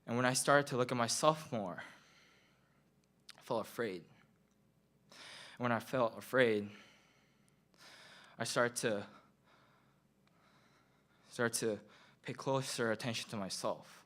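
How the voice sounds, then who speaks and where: A man's voice: medium pitch, fairly bright tone. Earnest young man with a Korean accent. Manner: earnest, measured, repeats phrases for effect. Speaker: student poet. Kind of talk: slam poetry performance. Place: school event hall.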